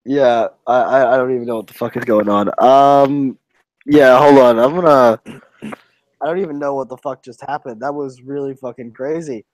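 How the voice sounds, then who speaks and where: A man's voice: medium pitch, steady tone, normal speed, a little mellow, dry recording. A young man co-hosting a casual podcast, laughing often and swearing freely as he reviews wrestling matches. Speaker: podcast co-host. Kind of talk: casual chat.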